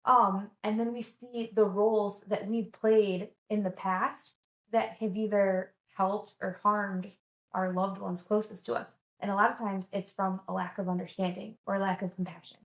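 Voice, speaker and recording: A woman's voice: mid-range voice, level tone, normal speed, roomy sound, poor audio. A woman vlogging in a casual, enthusiastic, chatty way, full of "like"s and restarts. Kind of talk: casual chat.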